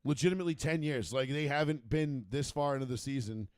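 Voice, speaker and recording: A man co-hosting a casual sports talk show, rambling and profane, restarting sentences and getting animated as he makes a point. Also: mid-range voice, quick pace, no room sound. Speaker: podcast co-host.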